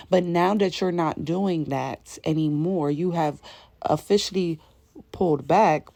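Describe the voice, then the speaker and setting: A woman's voice: deep voice, vocal fry, mellow, no echo. A woman delivering an intuitive spiritual message to her viewers, in emphatic, casual, slangy talk that repeats its points. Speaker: spiritual reader.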